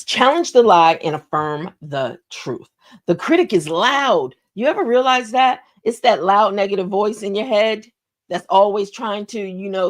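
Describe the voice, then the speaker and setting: A woman hosting a motivational talk. She is encouraging, repeats key phrases and asks listeners questions. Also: mid-range voice. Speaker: host.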